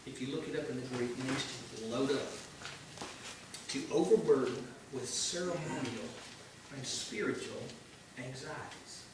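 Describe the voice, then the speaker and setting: A man's voice: mid-range voice, unhurried. Folksy man preaching in an echoey room. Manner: earnest and folksy, swinging between hushed and emphatic. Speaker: church teacher. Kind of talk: informal sermon. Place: church classroom. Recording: echoey room from far off with noise.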